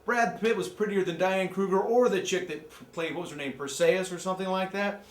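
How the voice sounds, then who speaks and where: A man giving a joking, excitable movie review rant, from the American Midwest. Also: sits high, fairly quick, echoey room. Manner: joking, excitable, jumps into mocking voices. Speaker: amateur movie critic.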